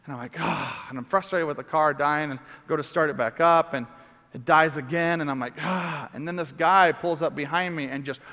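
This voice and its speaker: Middle-aged guy preaching, high voice, acts out yelling bits, echoey big hall. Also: a little fast. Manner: animated storyteller, acts out shouts. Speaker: pastor. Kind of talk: sermon storytelling.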